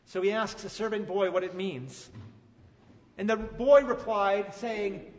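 A man preaching a sermon, retelling a story with animated, emphatic delivery. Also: high-pitched, measured pace, in a large hall. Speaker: pastor.

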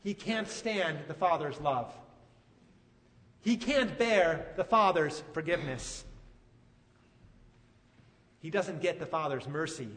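Pastor, man, high voice, animated storyteller, long church reverb. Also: slow, pauses often, a little hiss or hum. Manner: animated storytelling, rising to emphatic peaks. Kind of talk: sermon.

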